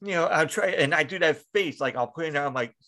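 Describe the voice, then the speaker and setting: A man's voice: on the high side, quick pace, bright, forceful tone. A man hosting a podcast, telling rambling stories with frequent laughter and swearing. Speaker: podcast host. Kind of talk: casual chat.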